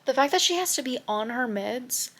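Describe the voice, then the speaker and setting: A woman's voice: high voice, normal speed. Twenty-something girl doing a reading vlog, chatty, gets worked up and ranty. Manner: expressive, ranting. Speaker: book vlogger.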